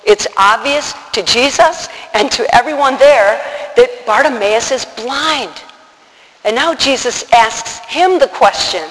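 A man's voice: extremely high pitch, measured pace, fairly bright tone, in a large hall, rough recording. A man preaching a sermon, retelling scripture stories and acting out the voices of the people in them.

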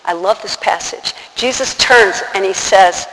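Preacher, male, high voice, storytelling sermon that acts out the lines of the people in each story, long hall reverb. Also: normal speed, hardly any pauses, a bit bright.

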